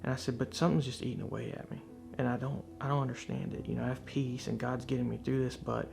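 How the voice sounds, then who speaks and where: A man's voice: medium pitch, fairly even intonation, fast, creaky, music in the background. A man earnestly and candidly telling a personal faith testimony, reflecting on what happened to him. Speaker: speaker sharing a faith testimony.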